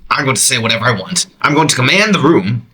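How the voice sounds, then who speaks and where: A man hosting his own podcast, reacting to a clip with emphatic, animated commentary from a quiet, empty room. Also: fast, poor audio. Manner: animated, emphatic, jumps to high exclamations. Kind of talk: reaction commentary, casual monologue.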